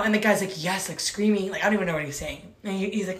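A woman's voice: medium pitch, very fast, hardly any pauses, a bit bright. A young woman telling a funny story in casual chat, acting out quotes and laughing often. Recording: echoey room.

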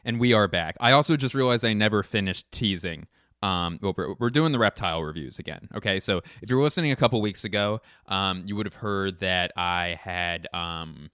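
A man's voice: low-pitched, fairly quick, fairly bright tone, clear, resonant tone, no echo, clean studio sound. A man hosting a comedy podcast, telling stories in a casual, rambling way and breaking off mid-sentence, with casual swearing. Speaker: podcast host.

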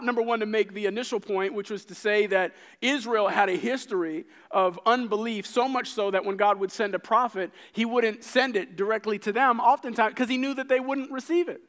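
A man preaching a sermon, retelling scripture stories with lively acted-out dialogue and frequent repeated words. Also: extremely high pitch. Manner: animated storytelling, acting out characters' lines.

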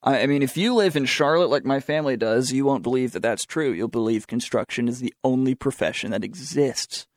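A man's voice: medium pitch, a little fast, few pauses, no room sound, clean studio sound. A young man with a Southern American accent hosting a student talk show, giving sarcastic opinions and reading news items aloud. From southern United States. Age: young adult. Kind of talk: opinionated talk radio monologue.

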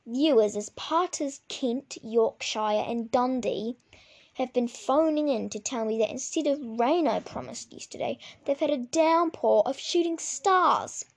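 A woman's voice: sits high, measured pace, creaky, heavily acted. A woman voicing a chatty, jovial male TV weatherman. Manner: chatty, folksy.

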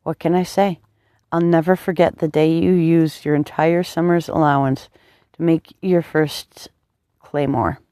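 A woman voicing a gentle, devoted young man who speaks softly and teases his sweetheart affectionately. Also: low voice, fairly even intonation, measured pace, clear, resonant tone, dry recording, clean studio sound. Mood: teasing. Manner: soft, affectionate, teasing.

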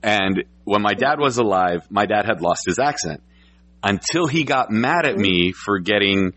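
Easygoing man, low voice, dry sound. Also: animated, unhurried, fairly bright tone, dry recording. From United States. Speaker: interview host. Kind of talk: casual interview chat.

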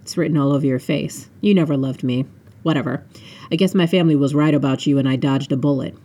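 A woman's voice: low-pitched, fairly even intonation, fairly quick, mellow. A woman voicing a bitter young rich man who snarls and speaks coldly, in an audiobook reading. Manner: snarling and cold.

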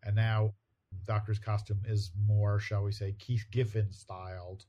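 Man, low voice, relaxed storytelling, casual comic recap, podcast co-host. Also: measured pace, dull audio. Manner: relaxed storytelling, briefly voicing characters in quotes.

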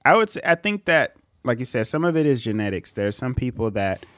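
A man co-hosting a casual podcast chat, easygoing, filling his talk with "you know", and trailing off quietly. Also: mid-range voice, sing-song, a little fast, no echo.

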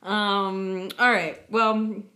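A woman's voice: mid-range voice, little pitch movement, drawn-out words, sharp tone. A woman in her thirties co-hosting a podcast, chatting casually and teasing her friend. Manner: joking, teasing. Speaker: podcast co-host. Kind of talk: casual chat.

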